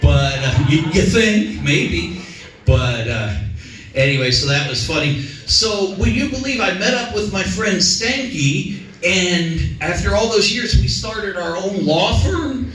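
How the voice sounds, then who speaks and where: A man's voice: sits high, animated, takes it slowly, a bit bright, faint music behind. A man doing a stand-up set, rambling and self-deprecating with many fillers, on a comedy club stage. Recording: echoey club from far off.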